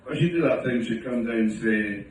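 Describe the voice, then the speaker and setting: A middle-aged stand-up comedian does a wry, self-mocking routine, now and then acting out his wife in a higher voice. His delivery is lively in intonation, at a normal speed, and a little mellow. The clip is a distant phone recording in an echoey room with a little hiss or hum, and the audience can be heard laughing.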